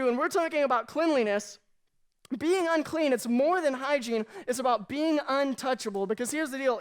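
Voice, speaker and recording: A young adult man and youth pastor preaching a humorous youth sermon, telling animated stories and acting out the voices of the people in them. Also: very high-pitched, smooth. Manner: animated storytelling, acts out quoted voices.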